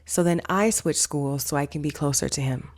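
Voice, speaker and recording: A woman who is a family counselor and vlog host tells a personal story on a casual storytime vlog, chatting away and acting out what people said. Her voice is low-pitched and moderately paced.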